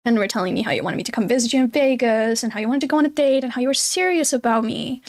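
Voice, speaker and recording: A woman's voice: on the high side, rapid-fire, hardly any pauses, darkish tone, no echo. A young woman on a recorded voice call, pressing with pointed, confrontational questions. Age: young adult. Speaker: caller confronting a streamer. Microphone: voice-call microphone.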